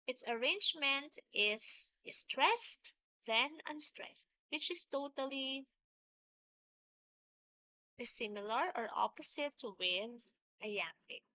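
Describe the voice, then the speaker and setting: A woman's voice: high-pitched, expressive, bright, forceful tone, no echo. A woman teacher giving a lesson on poetry, explaining patiently and sounding out rhythms. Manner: slow, patient explaining with sung-out rhythm examples. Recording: dull lo-fi sound.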